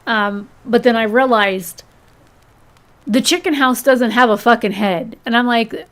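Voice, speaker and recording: A woman streaming a video game, reacting excitedly and swearing freely. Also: fairly high pitch, normal speed. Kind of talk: casual game stream commentary.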